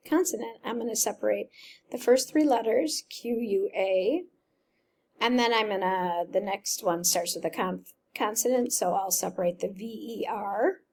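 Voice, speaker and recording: A woman's voice: fairly high pitch, creaky, a little mellow, slight background noise. A woman teacher reading a novel aloud and patiently sounding out words step by step.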